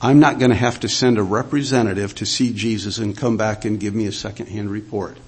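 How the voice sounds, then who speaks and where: A man's voice: on the low side, steady tone, brisk, darkish tone, husky. A man preaching a sermon. He reads scripture aloud and tells stories earnestly, with frequent "uh" and "um". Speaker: pastor.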